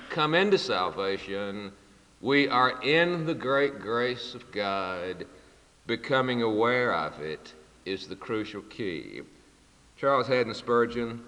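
A man preaching a sermon in a measured, earnest way, building his points through rhetorical repetition. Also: mid-range voice, fairly bright tone, in a large hall.

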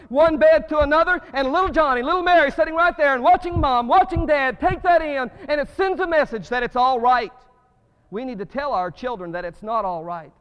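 A male pastor preaching a sermon, swinging between loud, fervent rises and hushed drops. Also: very high voice. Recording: muffled reverberant church recording.

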